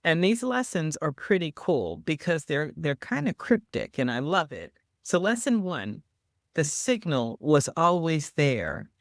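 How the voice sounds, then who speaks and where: Enthusiastic host with a higher voice. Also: male voice, measured pace, vocal fry, no echo, studio quality. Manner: enthusiastic, chatty, animated when paraphrasing. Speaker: host and entrepreneur coach. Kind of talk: interview hosting.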